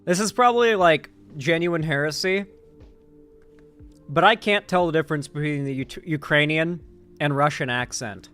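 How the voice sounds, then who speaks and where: A man's voice: a little high, normal speed, fairly bright tone, clear, resonant tone, soft background music. A young man hosting a political stream, reading chat and rambling casually with restarts.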